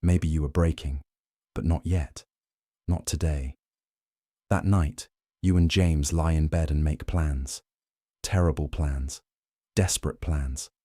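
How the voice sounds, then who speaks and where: A man narrating a bedtime history story in second person, calm and even. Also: rumbling low, takes it slowly, pauses often, no echo, clean studio sound.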